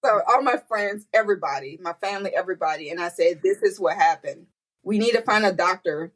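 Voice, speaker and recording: A woman guest on a podcast, telling a personal story with animated quoted voices and frequent laughter. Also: brisk, breathy edge, poor audio. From United States. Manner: animated, acts out quotes with high pitch, laughs often. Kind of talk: emotional storytelling interview.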